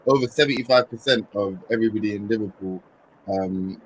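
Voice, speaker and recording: A man's voice: lowish voice, a little fast, a bit bright, slight background noise, low-quality recording. Hesitant man, casual chat. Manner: hesitant, filler-heavy, laughs easily. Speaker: panel guest. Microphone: video call.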